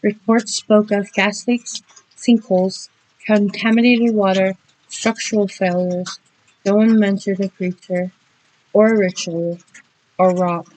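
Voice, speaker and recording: A woman narrating a horror story dramatically, speeding through action and slowing for suspense. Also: mid-range voice, steady tone, darkish tone, poor audio.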